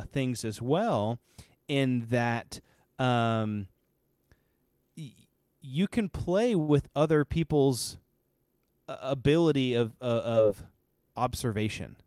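This podcast co-host is animated but takes things slowly, his mid-range voice a little mellow as he rambles through casual chat with many restarts and fillers. It's clean studio sound with no echo.

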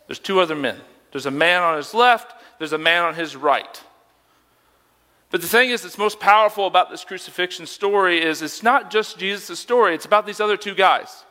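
A man's voice: high voice, moderate pace, pushed and bright, long reverb tail. A young man preaching a sermon as a youth pastor, conversational and emphatic, asking rhetorical questions.

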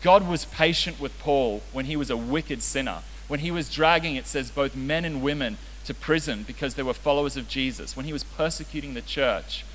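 His voice leans high with a fairly bright tone as this young man, a youth pastor, preaches a loose, joking sermon and makes himself the butt of the jokes. The audio carries hall reverb and a light hiss.

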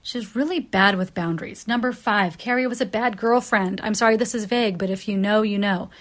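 A woman talks through her favorite and least favorite moments in a relaxed countdown. Her delivery is wry and chatty, with plenty of "um"s and quick self-corrections. Now and then she jumps into a short, lively impression of someone she is quoting. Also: medium pitch. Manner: acts out quoted characters in bursts. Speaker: pop culture commentator. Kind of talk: casual list countdown monologue.

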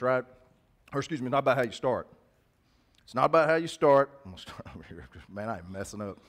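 A man's voice: mid-range voice, lively intonation, fast talker. A man pastor preaching a sermon in a church, conversational, calling out to the congregation.

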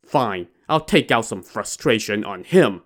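A man's voice: lowish voice, lively intonation, a little slow. A man voicing a proud outlaw army officer in a terse, self-assured way, close to his own voice.

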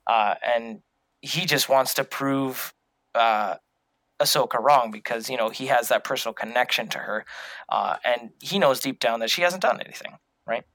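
A man's voice: mid-range voice, normal speed, fairly bright tone, dry recording, rough recording. A man talking casually with a co-host, rambling with many fillers and restarts. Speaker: podcast co-host. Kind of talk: casual fan discussion.

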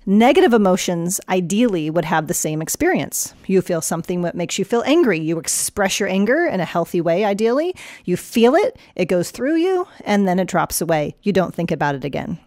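A woman hosting a health podcast as a chiropractor, talking casually and telling stories with lively energy. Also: lowish voice, fairly quick, no room sound, clean studio sound. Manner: energetic, animated storytelling.

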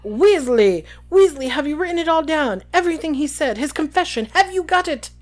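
A woman reading aloud and voicing a pompous, gloating male minister who keeps bursting out in excitement. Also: a little fast. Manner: loud excited outbursts, high and pushed.

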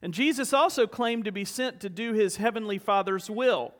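Pastor, male, fairly high voice, earnest storytelling sermon in an echoing sanctuary. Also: normal speed, a bit bright. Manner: storytelling, earnest, rhetorical questions. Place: church sanctuary.

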